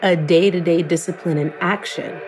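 A woman's voice: on the low side, fairly even intonation, normal speed, background noise. A woman telling an emotional personal story in an earnest, conversational way, full of "like" and quoting her own thoughts. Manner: earnest, emotional, fillers of "like", quotes herself.

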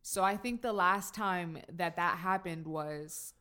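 Woman, slow reflective talker, lowish voice. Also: bright, forceful tone. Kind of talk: casual chat.

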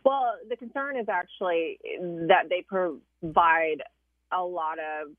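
A woman with a Southern US accent, a political correspondent calling in, explaining things in a measured way with some hesitations. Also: fairly low pitch, dry recording. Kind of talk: phone-in interview. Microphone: phone. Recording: tinny dry phone line.

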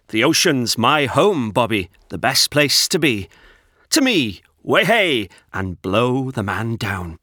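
A man voicing a vast friendly whale who sings a slow sea shanty in a storybook reading. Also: mid-range voice, pushed and bright, no room sound, clean studio sound, exaggerated voice.

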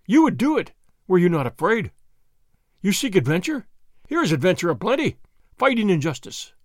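A bold masked highwayman, voiced by a man reading a storybook lectures with lofty scorn. The voice sits high and swings widely in pitch. The sound is dry and close. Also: sing-song, moderate pace, no echo. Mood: scornful.

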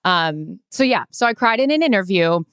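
A woman's voice: mid-range voice, animated, moderate pace, a bit bright, smooth, dry recording, clean studio sound. A woman from Seattle co-hosting a sports podcast, chatting in a rambling, emotional way with lots of fillers. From Seattle, USA. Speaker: podcast co-host, sports reporter. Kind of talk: casual chat.

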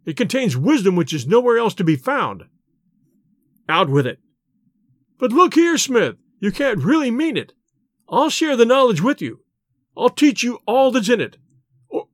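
A man voicing a frightened, desperate scholar who pleads in a shrill, rising voice. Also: very animated, normal speed, long pauses, no echo, clean studio sound. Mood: frantic pleading.

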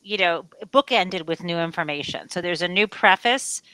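A woman from the Midwest speaks as a guest author in an interview. Her voice is fairly low yet bright and forward, recorded close and dry. She explains her points clearly and with lively emphasis. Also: moderate pace, no room sound, rough recording. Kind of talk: interview answers.

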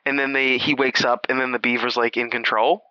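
A man co-hosting a podcast, recapping a movie in crude, laughing, animated casual chat. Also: medium pitch, a little fast, no room sound, lo-fi sound. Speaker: podcast co-host.

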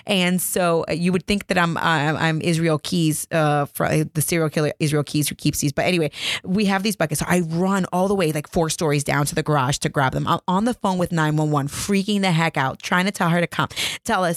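A woman's voice: fairly low pitch, fairly quick, no echo, studio quality. A woman in her thirties hosting a podcast from home, telling a story in a chatty, laughing, self-deprecating way. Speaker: podcast host. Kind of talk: casual storytelling. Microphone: podcast microphone.

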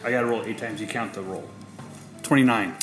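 A man playing in a tabletop game, low-key and sure of the rules. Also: fairly even intonation, fairly quick, music in the background. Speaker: player. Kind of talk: casual tabletop play.

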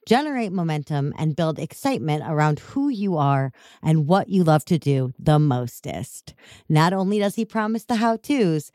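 Upbeat Chicago woman host, lowish voice, bouncy delivery. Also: darkish tone, dry recording, studio quality. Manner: effusive, upbeat, playful wordplay. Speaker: podcast host. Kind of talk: enthusiastic podcast hosting.

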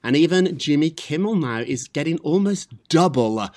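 A man's voice: fairly high pitch, normal speed. Chatty guy hosting a gossip show, bouncy voice, goes all over the place. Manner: lively, chatty storyteller. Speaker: host. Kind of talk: celebrity gossip chat.

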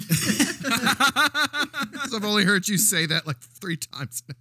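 A man's voice: sits high, expressive, slow, pushed and bright, breathy edge, no room sound. A man co-hosting a casual podcast, teasing his friends and laughing often. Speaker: podcast co-host. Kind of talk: casual chat.

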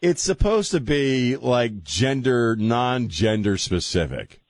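A man's voice: medium pitch, big pitch swings, takes it slowly, no room sound. A man hosting a call-in radio show, joking and laughing often as he gives blunt opinions. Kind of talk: casual call-in radio talk. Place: radio studio.

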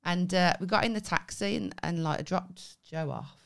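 A woman's voice: fairly low pitch, moderate pace, vocal fry. A young woman, casually chatting and telling stories on a podcast, swearing freely. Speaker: podcast co-host.

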